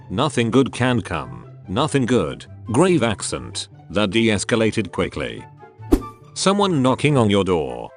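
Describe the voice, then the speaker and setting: Lively low-voiced man reading posts. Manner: reads titles, answers and comments one after another in a steady narrating voice. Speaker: narrator of a Reddit story channel. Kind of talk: reading online posts aloud.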